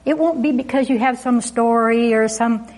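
A woman's voice: a little high, normal speed, darkish tone. A woman preaching an informal sermon, chatty and often laughing as she asks the congregation questions.

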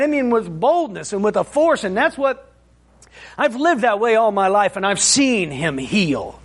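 A man's voice: high-pitched, big pitch swings, a little slow. A man preaching in a folksy, fervent way, telling a personal testimony with frequent amens and restarts. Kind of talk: informal sermon testimony.

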